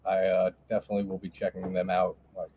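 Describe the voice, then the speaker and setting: A man's voice: low voice, monotone, quick pace, dark tone, slight background noise. A man co-hosting a casual movie chat stream, laid-back and filler-heavy, laughing often. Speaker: podcast co-host.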